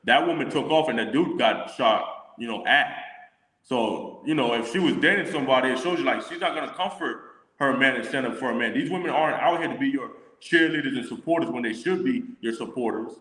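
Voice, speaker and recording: A man leading a casual religious discussion, reading scripture slowly and deliberately. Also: medium pitch, fairly bright tone. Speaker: scripture teacher. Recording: echoey room with long reverb.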